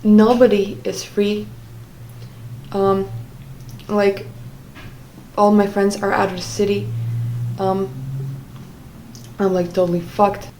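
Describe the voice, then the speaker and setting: A young woman telling a personal story in a casual, halting way, often stopping to search for words. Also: medium pitch, little pitch movement, warm tone, a little hiss or hum, poor audio. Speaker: vlogger.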